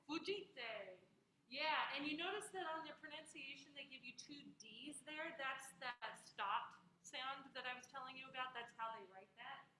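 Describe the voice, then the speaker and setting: A woman teaching a classroom lesson, encouraging her students and drilling pronunciation slowly, word by word. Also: high-pitched, pushed and bright. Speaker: music instructor. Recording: echoey classroom, faint noise.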